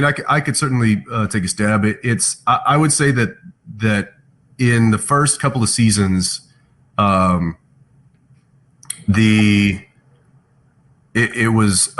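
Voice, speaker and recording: A man's voice: fairly low pitch, animated, slow pace, long pauses, fairly bright tone. A man chatting thoughtfully on a virtual fan panel, reading out fan questions from home over a video call. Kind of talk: casual panel chat.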